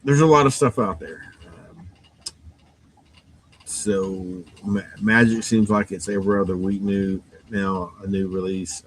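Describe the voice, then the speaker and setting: A man's voice: lowish voice, poor audio. A man who runs a game store, giving a rambling, casual shop update full of fillers and restarts and sounding a bit tired. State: yawning, tired.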